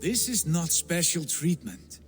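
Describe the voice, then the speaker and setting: An earnest Viking jarl. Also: male voice, a little high, very animated, unhurried, faint music behind. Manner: earnest, formal. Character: male Viking jarl, proud, steady leader. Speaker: game character. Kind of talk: video game voice acting.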